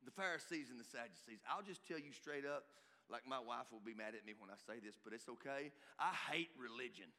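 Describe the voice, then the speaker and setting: A man preaching a sermon, emphatic and climbing to shouts at his peaks. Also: mid-range voice, a little fast. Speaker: pastor. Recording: reverberant hall.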